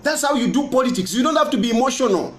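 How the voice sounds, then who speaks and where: A man's voice: very high-pitched, animated, rapid-fire. A politician with a Zambian accent talking to camera, boastful and mocking, repeating his points. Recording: roomy echo.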